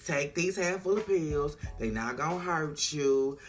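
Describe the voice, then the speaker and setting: A vlogger voicing a dead friend who has come back as a coaxing female ghost, speaking low and soft. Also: measured pace, soft background music, close to an everyday voice.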